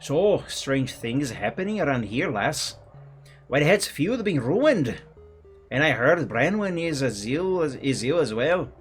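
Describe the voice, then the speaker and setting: A man's voice: on the high side, sing-song, a little slow, soft background music. A man putting on a Scottish accent to voice a chatty, kindly villager. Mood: friendly. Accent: put-on Scottish. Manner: warm, chatty, folksy. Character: kindly villager who fusses over a young witch.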